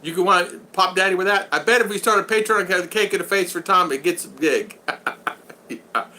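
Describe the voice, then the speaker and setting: A man with a high, bright, forceful voice talks briskly, with a little hiss or hum in the audio. Hosting a casual livestream, he reads viewer comments and rambles through jokey stories, laughing often and retelling them with quoted voices.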